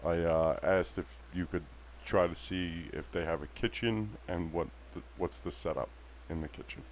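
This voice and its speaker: Very deep-voiced man playing a tabletop game. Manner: halting, restarts, eager. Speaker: player. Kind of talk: casual tabletop play.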